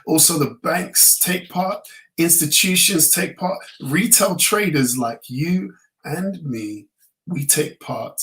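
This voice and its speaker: A tired man teaching a live online trading lesson. He explains things in a relaxed way, with many fillers and restarts. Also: a little high, takes it slowly, poor audio. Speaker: trading course instructor.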